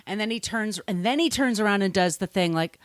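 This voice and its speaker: A woman's voice: medium pitch, fairly quick, no echo, clean studio sound. A woman co-hosting a casual podcast, retelling a story in a rambling way and acting out quotes. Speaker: podcast co-host. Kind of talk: casual book-versus-movie chat.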